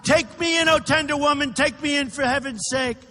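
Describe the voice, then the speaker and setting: A sly, half-frozen snake begging to be taken in, as a man recites it in a poem. The voice sits high and bright, with an imploring, sighing refrain. It rings out through a long-reverb arena. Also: fairly even intonation, a little fast. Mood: pleading.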